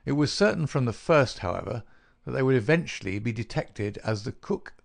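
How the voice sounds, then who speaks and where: Man, audiobook narration, gravelly, mid pitch, measured. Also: expressive. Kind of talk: scripted narration.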